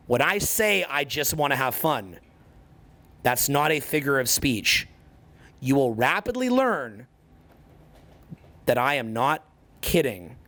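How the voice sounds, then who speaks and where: This fired-up social skills coach, a man in his 40s, has a voice on the high side with a slight brightness. Giving a motivational talk to a crowd, he curses freely and hammers his points through repetition with intense emphasis.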